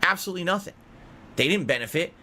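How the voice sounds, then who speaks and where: A man's voice: high voice, animated, fast, pushed and bright. A man hosting a podcast, ranting angrily about money, swearing and circling back to repeat his points. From United States. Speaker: podcast host. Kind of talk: heated podcast rant.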